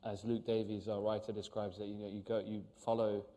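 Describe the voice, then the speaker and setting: A man with a fairly low voice talks about his acting work in an earnest, halting way, often restarting his sentences. The sound carries a long hall reverb from a stage. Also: level tone, mellow. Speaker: actor. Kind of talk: press interview on stage. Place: on a stage before an audience.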